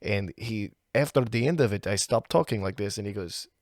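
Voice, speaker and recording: A man hosting a podcast, asking curious questions and joking around in a relaxed way. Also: on the low side, fairly quick, no room sound, clean studio sound. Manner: relaxed, curious, jokey interviewer. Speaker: podcast host. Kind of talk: casual interview.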